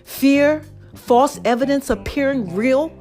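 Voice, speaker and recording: A woman's voice: high-pitched, slow, darkish tone, faint music behind. A woman hosting her own podcast, telling a story in a chatty way and talking straight to her listeners. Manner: chatty, addresses listeners directly as "baby" and "y'all". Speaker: podcast host. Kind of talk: casual storytelling monologue.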